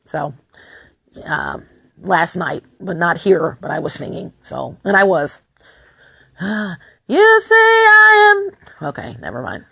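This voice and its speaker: A woman vlogging to her viewers in a casual, rambling monologue, emphatic and repeating words in quick bursts, with her voice going lower and rough. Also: expressive, fairly bright tone.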